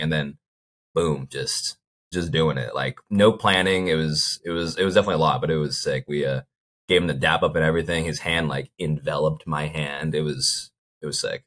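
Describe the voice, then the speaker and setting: Young dude, super low voice, laid back, says like a lot. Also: male voice, a little fast, a bit bright. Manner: laid-back, heavy on "like" and fillers. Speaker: guest athlete. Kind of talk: casual interview chat.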